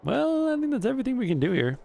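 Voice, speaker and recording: A man's voice: very high-pitched, very animated, fast, vocal fry, dark tone. A man hosting a game playthrough video, making joking, self-mocking asides. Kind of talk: let's play commentary.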